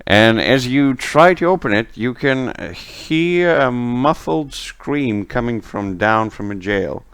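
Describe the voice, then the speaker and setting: A man running a tabletop game as game master, narrating the scene in an unhurried way. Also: mid-range voice, clean tone. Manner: unhurried, lively narration with laughs.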